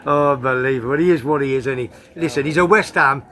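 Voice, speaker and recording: A man's voice: mid-range voice, quick pace, pushed and bright. A man hosting a casual football chat show, talking in a chatty, rambling way with restarts. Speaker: host. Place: home in Tenerife.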